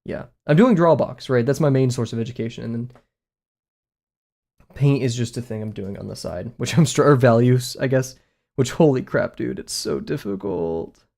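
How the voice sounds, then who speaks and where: Gravelly and dark-toned, this young man's mid-range voice has lively intonation and a moderate pace. He's an art streamer who rambles to chat as he draws, casually making fun of himself.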